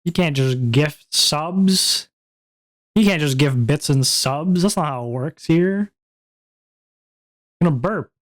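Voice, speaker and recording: A man streaming a casual chat, rambling and stammering with playful mock outrage and loud bursts of laughter. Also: fairly high pitch, lively intonation, slow, long pauses. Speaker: VTuber streamer.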